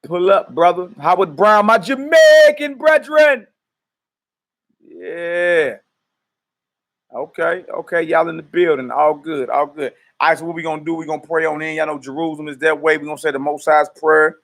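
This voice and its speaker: A man's voice: fairly high pitch, moderate pace, a bit bright. A man leading a ministry livestream, greeting viewers by name in loose street slang and then calling out prayer lines for a group to repeat. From United States. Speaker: minister leading a live-streamed teaching. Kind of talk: casual shout-outs and call-and-response prayer leading.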